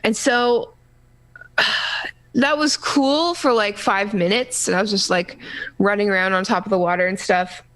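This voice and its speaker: A woman co-hosting a casual gaming podcast, talking in a rambling, halting way full of restarts and fillers. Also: mid-range voice, fairly even intonation, a bit bright. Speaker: podcast co-host.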